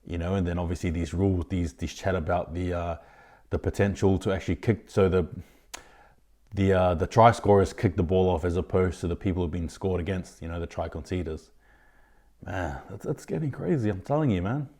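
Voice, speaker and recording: A man hosting his own rugby league podcast, giving indignant opinions in a ranting style, with sudden loud outbursts of disbelief. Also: sits low, brisk. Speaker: podcast host. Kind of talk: opinionated sports commentary.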